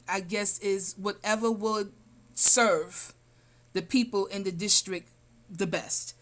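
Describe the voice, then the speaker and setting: Speaking at a medium pitch with a slightly bright tone, a woman running for city council takes interview questions on a video call. She rambles, using many fillers and starting over often.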